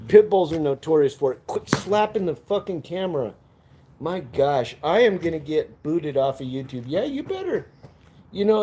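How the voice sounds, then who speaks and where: A man's voice: a little high, warm tone. A man chatting casually with viewers on a live stream from home, rambling, laughing and cursing as he goes.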